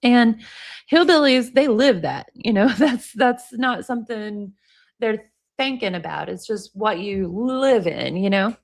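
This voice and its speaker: A woman's voice: on the high side, animated, a little slow, creaky. An American woman chatting casually on a livestream, reading viewer comments aloud and rambling on between them. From United States. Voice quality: says y'all, self-described hillbilly.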